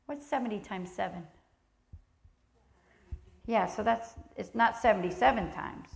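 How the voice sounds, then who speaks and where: A woman's voice: mid-range voice, a little slow, creaky, roomy sound. A woman preaching a sermon in a church sanctuary, reading scripture aloud, speaking earnestly and with emphasis, and asking the congregation questions.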